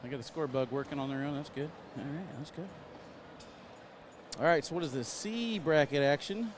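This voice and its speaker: A man's voice: a little high, normal speed. An American man casually announcing matchups and bantering with his co-host at a cornhole tournament. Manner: joking, dry banter. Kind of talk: casual commentary, reading match lineups. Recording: noisy event venue.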